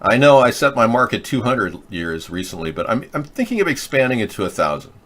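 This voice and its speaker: A man's voice: medium pitch, big pitch swings, brisk, a bit bright. A man hosting a live political video chat show, rambling and joking as he answers viewers' comments. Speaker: political talk show host.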